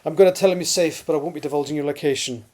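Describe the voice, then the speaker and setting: A man's voice: on the high side, very fast, a little mellow, pitched above the performer's own voice, lightly acted. A man reading aloud and voicing a protective Scottish man who guards a runaway lad, in an earnest, firm manner. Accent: Scottish (put on).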